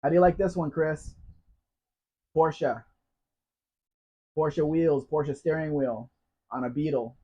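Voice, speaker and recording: A man's voice: fairly high pitch, steady tone, slow pace, pauses often, dark tone, breathy edge. An American man hosting a casual live Q&A, chatting and reading viewer comments aloud. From United States. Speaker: live stream host. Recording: dull lo-fi sound.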